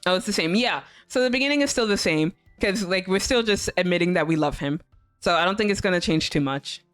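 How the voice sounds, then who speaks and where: Young woman, streamer, giggly chatty gushing, smooth voice, faint music behind. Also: on the low side, animated, fairly quick, no room sound. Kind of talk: casual livestream chat, reading a visual novel aloud.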